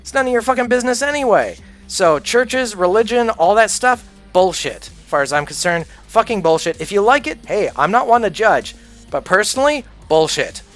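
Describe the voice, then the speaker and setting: A man's voice: high-pitched, big pitch swings, moderate pace, a bit bright, soft background music. A man livestreaming a game, ranting casually in a blunt, profane, opinionated way. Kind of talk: casual rant while gaming.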